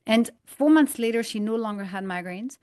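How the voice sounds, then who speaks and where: A woman guest in an interview, telling stories and acting out dialogue and analogies in an animated way. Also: fairly high pitch, moderate pace, clean tone, no echo, clean studio sound. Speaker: guest, holistic migraine practitioner. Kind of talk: conversational interview, storytelling.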